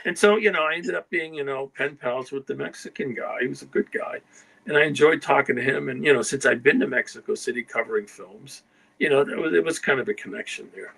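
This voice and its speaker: A man's voice: medium pitch, brisk, vocal fry, fairly bright tone, husky, low-quality recording. An older man, a guest writer, telling anecdotes in a rambling conversational way, often checking in with "you know" and "okay?". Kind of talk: casual anecdotal storytelling.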